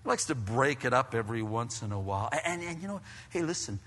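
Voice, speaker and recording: A man preaching a sermon to his congregation, acting out scenes and dropping to hushed tones. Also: mid-range voice, expressive, fast, big-room sound. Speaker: pastor.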